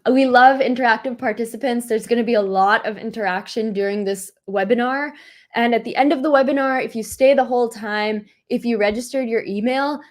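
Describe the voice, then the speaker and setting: A young woman from the United States giving a chatty, encouraging webinar talk over a video call. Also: medium pitch. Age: young adult. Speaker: workshop speaker.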